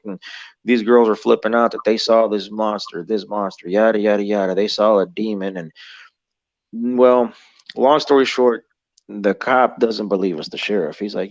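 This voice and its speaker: A man's voice: lowish voice, fairly even intonation, moderate pace, darkish tone, dry recording. A man in his thirties, a guest telling an encounter story in a rambling, profane way and acting out other people's lines. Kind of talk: casual storytelling. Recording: dull, muffled audio.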